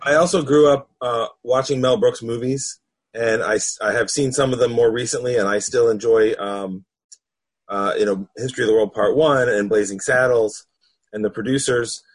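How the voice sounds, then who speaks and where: A man talking frankly about films in a casual podcast conversation, measured and quick to laugh. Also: mid-range voice, steady tone, slightly rough. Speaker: panel guest.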